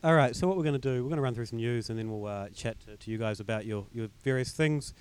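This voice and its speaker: A man hosting a casual podcast chat outdoors in a park, relaxed and jokey. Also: mid-range voice, quick pace, clear, resonant tone. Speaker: podcast host.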